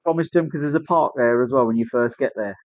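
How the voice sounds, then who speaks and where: A man's voice: medium pitch, quick pace, darkish tone, dry recording. British man telling a sweary story. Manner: swears often, acts out other people's voices. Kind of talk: casual storytelling chat. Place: tattoo studio. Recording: dry, slightly dull sound.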